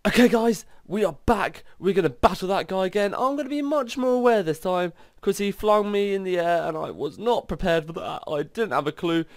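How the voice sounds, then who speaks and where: A man commenting on his video game play in an excitable, exclaiming way. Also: high voice, brisk, hardly any pauses, dry recording, clean studio sound. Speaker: gaming channel host. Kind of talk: gameplay commentary.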